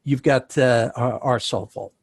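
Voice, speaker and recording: A man's voice: medium pitch, fairly even intonation, measured pace, breathy edge, no echo, clean studio sound. A man with a New York accent answering interview questions as a sales tax consultant, talking conversationally with many fillers and restarts.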